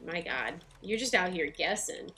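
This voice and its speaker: A woman's voice: on the low side, animated, moderate pace, sharp tone, soft background music. A woman with a light Southern US accent streaming a game, chatting casually with viewers and laughing often. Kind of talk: casual livestream chat while playing.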